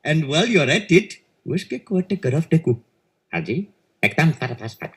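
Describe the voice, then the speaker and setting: A man doing a fussy cartoon shopkeeper in a put-on South Asian English accent, sweetly polite while he checks a customer's bag. The voice sits high and swoops up and down in a singsong way, with a slightly husky edge. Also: very animated, normal speed. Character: fussy male shopkeeper, polite but suspicious.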